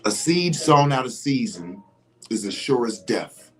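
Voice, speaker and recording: A man talking in a casual livestream monologue, animated and emphatic, swearing freely. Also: mid-range voice, a little slow, loud music behind the voice. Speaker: vlogger.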